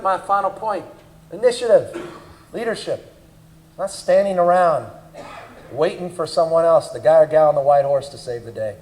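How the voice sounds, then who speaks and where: Man, slightly high voice, emphatic storytelling speaker at a conference forum. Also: a little hiss or hum, rough recording. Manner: animated storyteller, emphatic and punchy. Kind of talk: public speech with personal anecdotes.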